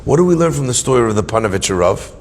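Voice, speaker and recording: A man giving a storytelling Torah lesson, acting out the quotes and swinging between hushed and emphatic. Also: mid-range voice, expressive, quick pace, in a large hall, slight background noise. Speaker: rabbi giving a Torah talk.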